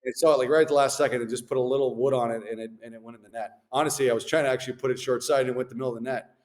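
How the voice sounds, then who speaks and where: In a casual storytelling interview, a man in his thirties who used to play hockey spins relaxed, animated anecdotes with slangy asides. His voice is mid-range and rapid-fire. The space sounds echoey with long reverb.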